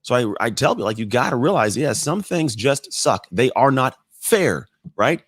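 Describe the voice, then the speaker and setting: A man in his thirties, a podcast guest, telling personal stories in an animated, blunt way with casual swearing. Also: mid-range voice, moderate pace, no echo. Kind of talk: casual storytelling in conversation.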